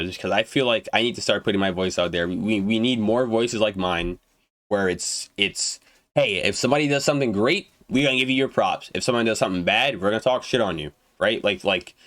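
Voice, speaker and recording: A gaming YouTuber, young and male, vents about video games in an unedited rant to camera, swearing bluntly, stumbling and starting over, his throat getting dry. His voice is on the low side with a fairly bright tone, and the recording has no room sound.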